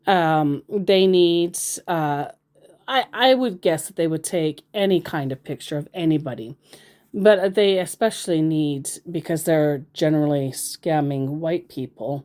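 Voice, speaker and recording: Slow, rambling woman vlogger. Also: low-pitched, dark tone. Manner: rambling, wry, self-interrupting. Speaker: scambaiter vlogger. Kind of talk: casual commentary reading chat messages.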